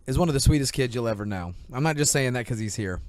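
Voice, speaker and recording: A man's voice: medium pitch, fast. A man in his thirties hosting a casual podcast, telling stories animatedly and acting out quotes. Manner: animated storyteller, acts out quotes. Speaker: podcast host. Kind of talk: casual chat, storytelling.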